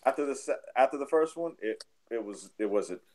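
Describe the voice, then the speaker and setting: Man, mid pitch, lively intonation, relaxed, agreeable, casual chat. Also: fairly quick, a crowd in the background, low-quality recording. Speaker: podcast co-host. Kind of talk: casual live review chat.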